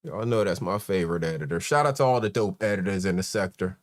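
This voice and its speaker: A man's voice: low-pitched, fast. Host, man, 40s, laid-back live-stream chat, greets viewers by name.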